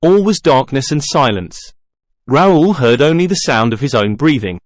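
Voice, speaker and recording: An audiobook narrator reads a classic novel aloud in scripted narration, keeping his delivery even and measured with little character acting. His voice sits in the mid-range, and the recording is dry with clean studio sound.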